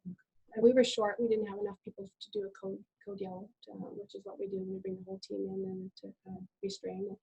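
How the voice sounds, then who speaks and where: Warm, husky-voiced woman nurse. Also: medium pitch, quick pace, muffled recording. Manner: calm, reflective, storytelling. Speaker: nurse educator, webinar guest. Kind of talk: conversational webinar talk.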